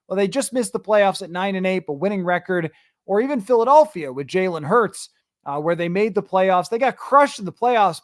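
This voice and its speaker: A man hosting a sports podcast, talking casually and reading viewer comments with quick, opinionated asides. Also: sits high, no echo, studio quality. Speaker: podcast host.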